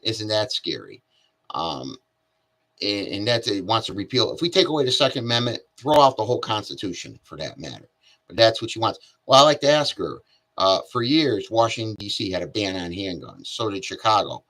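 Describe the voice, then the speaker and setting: Bright-voiced man in halting political commentary. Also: lowish voice, very animated. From Connecticut. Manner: halting, many fillers and restarts.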